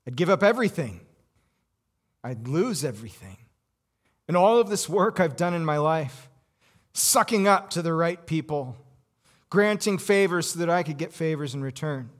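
An actor playing an anxious Roman governor in a dramatic first-person monologue, intense and full of rhetorical questions. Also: male voice, a little high. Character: anxious Roman governor, a cornered middle-aged man.

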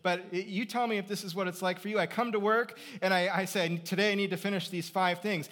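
A middle-aged man preaching a sermon as pastor, conversational, swinging from loud emphasis to quiet reflection. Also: high voice, steady tone, fast talker, hardly any pauses.

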